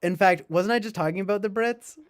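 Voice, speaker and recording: A man's voice: sits high, a little fast. A man rambling to his viewers in casual chat, sarcastic, swearing and laughing often. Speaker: streamer.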